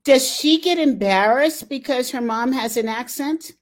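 A woman's voice: sits high, measured pace. A woman hosting an interview, enthusiastic and encouraging toward her guest. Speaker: host. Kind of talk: conversational interview.

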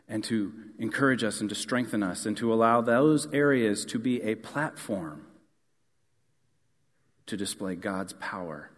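Earnest pastor with a low voice. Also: male voice, big-room sound. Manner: earnest, rising to emphatic questions then dropping soft. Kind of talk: sermon.

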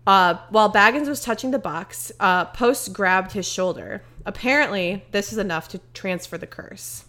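A woman's voice: medium pitch, moderate pace, pushed and bright. Chatty young woman, rambling podcast storyteller. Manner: rambling, filler-heavy storytelling. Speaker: podcast co-host. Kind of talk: casual chat.

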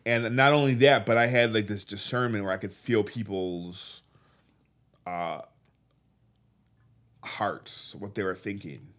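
A man earnestly telling a personal faith story, often halting and restarting his sentences. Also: lowish voice, fairly bright tone. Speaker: guest telling his testimony.

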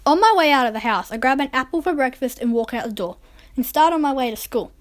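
A woman with a fairly high voice reads a first-person story aloud. Her delivery is calm and measured, the steady pace of a storybook reading. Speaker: narrator.

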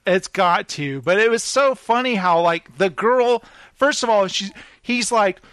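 A man with a high voice gives casual reaction commentary on a reality show. He retells scenes with a mocking edge and slips into quick voices for the people in them. He is recorded dry and close to the mic. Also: lively intonation, a bit bright, clean tone, no room sound. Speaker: reaction video host.

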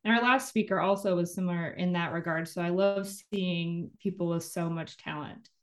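Play a woman co-host with a slightly low voice, encouraging, loose with fillers. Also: moderate pace. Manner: encouraging, fills with "um" and "you know". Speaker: podcast co-host. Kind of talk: casual interview talk.

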